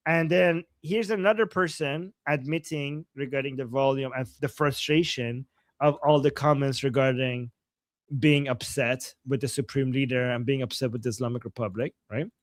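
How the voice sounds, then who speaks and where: High-voiced animated Iranian-born male host. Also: no echo. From Iran. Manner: animated, emphatic, translating as he goes. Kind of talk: live commentary reading out online comments.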